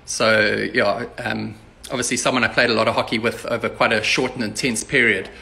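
A man's voice: fairly low pitch, little pitch movement, fairly quick, creaky, sharp tone. A man hosting a casual interview over a video call, chatty and teasing in his banter. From South Africa. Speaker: host.

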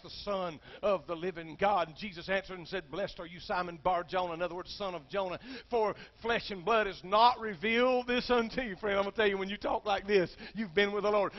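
Man preaching, high voice, passionate and dynamic delivery, muffled lo-fi recording with a low hum. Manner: impassioned preaching, swings from hushed to shouting. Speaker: pastor. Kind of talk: sermon.

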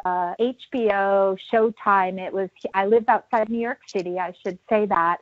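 A woman's voice: medium pitch, no echo, highs cut off. A middle-aged woman telling a story as a podcast guest, acting out the voices of the people she quotes. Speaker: podcast guest, birth educator.

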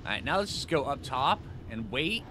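A man giving casual commentary over his own gameplay, excitable and joking at himself, chatting to the creatures he meets. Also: mid-range voice, moderate pace, slight background noise. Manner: excitable, talks to the creatures, self-mocking asides. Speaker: gaming video host.

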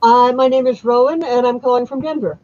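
A woman's voice: on the high side, fairly even intonation, brisk, mellow, dull audio. A woman calling in over a video call to an appraisal show, talking in a casual, friendly way. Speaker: caller.

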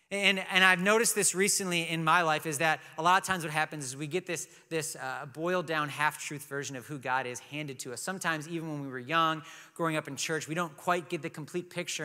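A man in his thirties preaches a sermon, telling stories in a relaxed, conversational way with touches of humor. His voice sits a little high and sounds bright and forward. A long hall reverb trails after his words in the church. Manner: conversational storytelling with light humor. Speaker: pastor. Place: church sanctuary.

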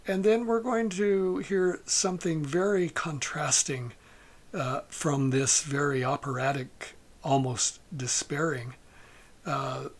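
A man giving a music lecture, speaking haltingly with many fillers and soft asides. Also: fairly high pitch. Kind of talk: lecture on a recording.

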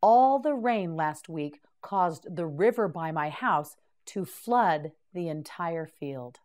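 Woman, scripted vocabulary lesson, very slow, clear and encouraging; says a word, waits, then gives brief praise. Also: on the low side, animated, darkish tone. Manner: models each word, then pauses for the learner to repeat; clear, careful enunciation with short encouraging praise. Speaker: English vocabulary teacher.

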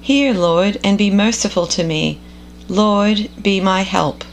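A woman reading scripture aloud in a measured, contemplative devotional style. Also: mid-range voice, slight background noise, low-quality recording. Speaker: scripture reader.

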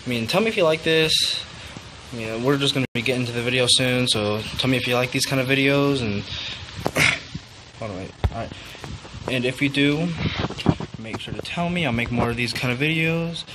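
A man's voice: mid-range voice, normal speed. A man hosting a gaming video, chatting playfully with viewers as he plays. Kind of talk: casual gameplay commentary. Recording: loud background noise.

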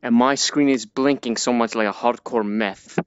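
A man's voice: medium pitch, fairly even intonation, moderate pace, clean tone, dry recording. A man commentating a VR horror game, jumpy and panicky, swearing and muttering to himself as he plays. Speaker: gamer playing a VR horror game. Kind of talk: let's play commentary. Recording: dull lo-fi dry recording.

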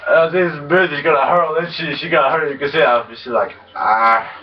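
A man giving casual game commentary, rambling and crude, laughing and jumping into high excited yelps. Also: fairly quick, recorded from a distance, dull audio, slight background noise. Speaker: gameplay commentator.

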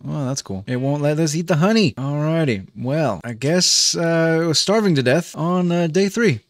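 A man's voice: on the high side, expressive, normal speed, dry recording. A man giving gameplay commentary as a let's play host, chatting as he thinks aloud, often restarting sentences and chuckling.

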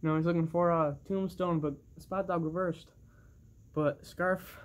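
A commentator calling a toy wrestling match with excitable bursts of oohs and laughter. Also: medium pitch, a little slow. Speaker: play-by-play commentator.

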